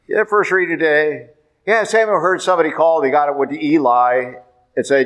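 A man, a priest, preaching a sermon in a conversational way and jumping up in pitch to stress key words. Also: a little fast, a bit bright, rough recording. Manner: conversational, with sudden emphatic high-pitched stresses.

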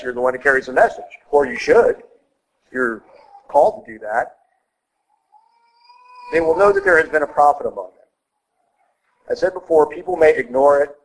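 Blunt, folksy male priest preaching. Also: poor audio. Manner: blunt, folksy preaching with sudden high-pitched emphasis. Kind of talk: sermon.

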